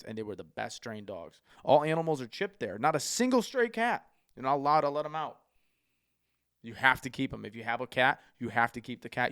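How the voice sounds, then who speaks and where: A man's voice: medium pitch, a bit bright, no room sound, clean studio sound. An American man hosting a podcast, telling a long travel story in casual chat, swearing often and rambling. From United States. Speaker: podcast host.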